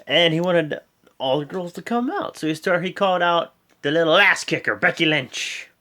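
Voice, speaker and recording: An excitable young man hosts a live reaction show. He rambles loosely, stumbling through fillers and restarts. His voice jumps up sharply whenever he gets worked up. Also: moderate pace. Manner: excitable, jumps high when emphasizing. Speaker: host.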